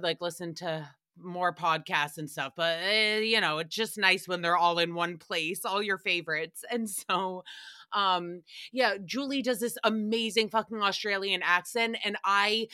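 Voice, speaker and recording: A woman's voice: medium pitch, pushed and bright, dry recording, studio quality. A woman hosting a casual recap podcast, sassy and blunt, with sarcastic jokes and frequent swearing. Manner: sarcastic jokey asides. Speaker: podcast host.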